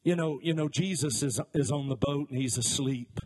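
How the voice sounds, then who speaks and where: A man's voice: mid-range voice, moderate pace, darkish tone, slightly rough. A middle-aged male pastor preaching a sermon, telling folksy stories with jokes and acting out voices as he goes. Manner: folksy storytelling with jokes and asides; acts out voices in his stories.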